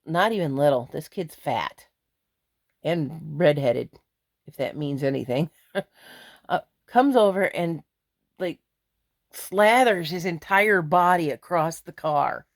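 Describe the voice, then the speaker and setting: A woman's voice: low voice, expressive, takes it slowly, long pauses, no room sound, clean studio sound. A middle-aged woman venting angrily in a vlog, blunt and emphatic. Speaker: vlogger. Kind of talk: angry ranting vlog.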